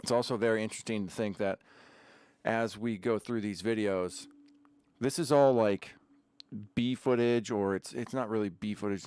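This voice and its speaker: A man sipping beer in his home studio runs a laid-back, rambling livestream full of sarcastic asides. His fairly low voice has a darkish, clean tone, and the desk camera setup captures no room sound.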